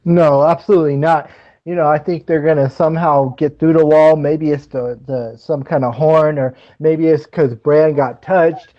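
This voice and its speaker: Excitable high-voiced male guest, lo-fi. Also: normal speed. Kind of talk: casual live podcast chat.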